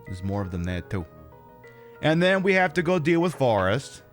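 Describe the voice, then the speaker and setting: A man's voice: medium pitch, big pitch swings, normal speed, faint music behind. A man with a North Jersey accent giving casual, joking and profane commentary while streaming a game. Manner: profane, joking, talks to chat.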